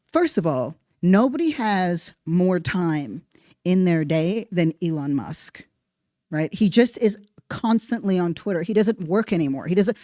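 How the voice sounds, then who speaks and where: This is a podcast host talking casually through the news as comedy. The delivery is animated and sarcastic, with plenty of swearing. The voice sits in a middle register and sounds close and dry, with no room around it. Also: medium pitch, dry recording. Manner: animated, profane, sarcastic riffing.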